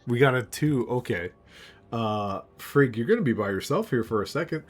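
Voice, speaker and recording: A man's voice: medium pitch, animated, normal speed, a loud crowd. A man narrating a tabletop game as game master, playful and laughing often.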